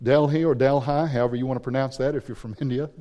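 A man's voice: mid-range voice, flat delivery, rapid-fire, dark tone, in a large hall, muffled recording. A man preaching a missionary sermon, mixing statistics with stories and building emphasis on key points. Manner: storytelling with statistics, rising emphasis.

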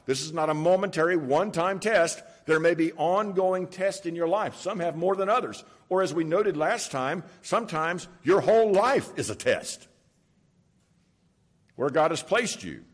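A man's voice: a little high, lively intonation, moderate pace. A man preaching a sermon in a conversational, storytelling way, stressing points by repeating them. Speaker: pastor.

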